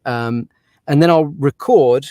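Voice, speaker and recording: A man's voice: medium pitch, takes it slowly, warm tone, dry recording, clean studio sound. A man who narrates audiobooks, talking through his craft in a casual interview, thoughtful and given to laughs and fillers.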